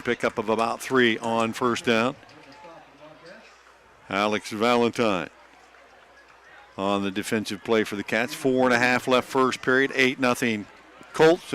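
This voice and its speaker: A man giving play-by-play for a high school football game, calling each snap quickly and joking like an auctioneer. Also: sharp tone, slight background noise. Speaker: play-by-play announcer.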